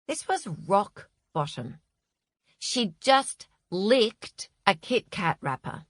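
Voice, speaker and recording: Her medium-pitched voice carries an audiobook narration that is scripted, measured, and expressive. The studio-quality recording has no room sound.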